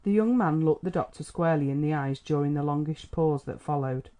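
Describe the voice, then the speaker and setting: A man reading classic fiction aloud for an audiobook, measured and even. His voice is mellow and warm, with a relaxed tone. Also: fairly high pitch. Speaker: audiobook narrator. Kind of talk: scripted narration.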